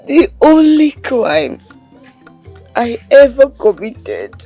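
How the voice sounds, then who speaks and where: An actress playing a mistreated young orphan maid, with a Nigerian accent, speaking tearfully and pleading. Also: female voice, a little high, big pitch swings, drawn-out words, mellow, soft background music, full character voice. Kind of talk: Nollywood film acting.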